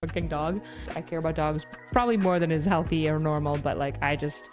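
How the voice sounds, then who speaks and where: A woman's voice: sits low, steady tone, a little fast, a little mellow, faint music behind. A woman talking casually in a commentary video, chatty and full of filler likes.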